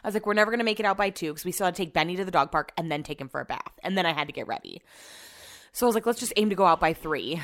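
A young woman with a fairly low voice chats casually on her podcast from home. She rambles through a story and clears her throat often. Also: animated, rapid-fire. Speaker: podcast host. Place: home with renovation noise nearby.

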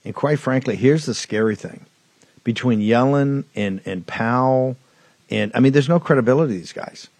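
A man's voice: mid-range voice, normal speed, a little mellow, dry recording. A man hosting a political talk show, delivering fiery, emphatic, repetitive commentary. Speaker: host.

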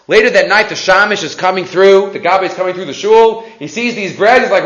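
A man giving a storytelling sermon, animated and acting out the characters as he speaks. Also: sits high, quick pace. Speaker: rabbi or teacher giving a sermon. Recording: echoey muffled recording.

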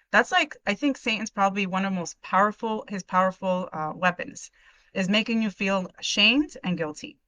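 A middle-aged woman speaks earnestly and emotionally, often restarting her sentences as she shares her personal testimony in a live online workshop. Her voice is bright, and the recording is dry and close, picked up by a computer mic at home. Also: fairly low pitch, no echo. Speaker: podcast host sharing her testimony.

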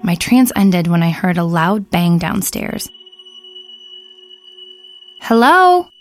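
Woman, horror story narrator, fairly low voice, very slow, measured, brooding. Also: fairly even intonation, darkish tone, soft background music.

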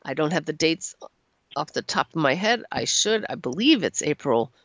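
A middle-aged woman hosting a call-in radio show, encouraging and quick to laugh. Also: deep voice, animated, dry recording, lo-fi sound. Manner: warm-voiced, encouraging, laughs often. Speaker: radio show host and channeler. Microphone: studio microphone.

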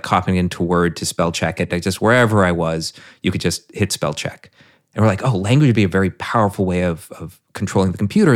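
Deep-voiced man telling a story. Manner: thoughtful, explains with examples. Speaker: guest. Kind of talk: conversational storytelling.

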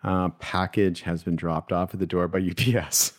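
A man hosting a solo podcast, chatting casually, mocking his own mistakes, laughing often, and thinking aloud with plenty of ums and uhs. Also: low-pitched. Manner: thinks aloud with many fillers. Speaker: podcast host.

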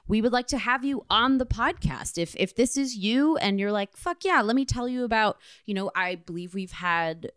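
A woman co-hosting a podcast in casual chat, excitable and gushing, swearing freely. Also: medium pitch, normal speed, few pauses, clear, resonant tone, no room sound, clean studio sound. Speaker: podcast co-host.

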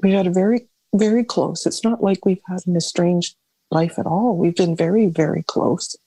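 A woman's voice: lowish voice, normal speed, mellow, slightly rough, no echo, low-quality recording. A middle-aged woman caring for her mother, speaking candidly and searchingly about her family, often restarting her sentences. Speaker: family caregiver. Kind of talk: reflective personal interview.

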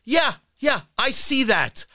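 A man's voice: very high voice, very animated, slow, pushed and bright, no echo. A man hosting a talk radio show, delivering an emphatic, combative monologue into a studio microphone.

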